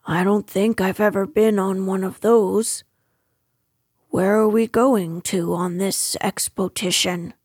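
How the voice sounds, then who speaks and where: A woman voicing a simple, cheerful, honey-loving bear who sounds gently puzzled. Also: medium pitch, steady tone, takes it slowly, breathy edge, dry recording, clean studio sound.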